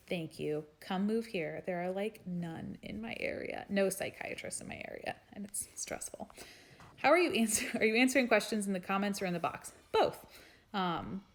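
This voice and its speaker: A young adult woman, a nurse practitioner, reading out viewers' questions in a live stream and answering them in a frank, chatty way. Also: medium pitch. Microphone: phone or webcam for a live stream.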